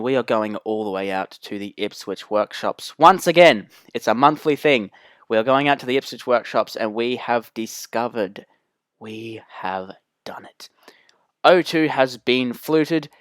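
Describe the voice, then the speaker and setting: A man's voice: mid-range voice, clean tone, dry recording. A man with an Australian accent hosts a rail enthusiast vlog, narrating with energy and repeating key phrases for emphasis. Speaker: rail enthusiast channel host.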